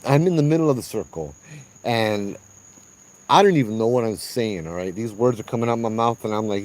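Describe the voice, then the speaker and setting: Low-voiced man telling ghost stories. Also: brisk, low-quality recording. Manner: animated, reenacts what people said, frequent restarts. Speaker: ghost tour guide. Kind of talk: storytelling on a walking ghost tour. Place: outdoor trail at night.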